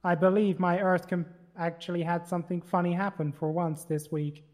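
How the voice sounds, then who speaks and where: A man's voice: high voice, flat delivery, moderate pace, darkish tone, no room sound, studio quality. A man hosting a comedy podcast, chatting casually and rambling with lots of swearing and fillers. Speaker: podcast host. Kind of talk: casual chat.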